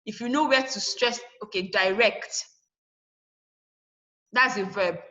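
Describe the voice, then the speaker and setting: A woman teaches a class over a video call. Her voice sits fairly high and rings bright and forceful. She asks the class questions, answers them herself, and repeats the points she wants them to remember. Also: brisk, lo-fi sound. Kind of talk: online class lesson.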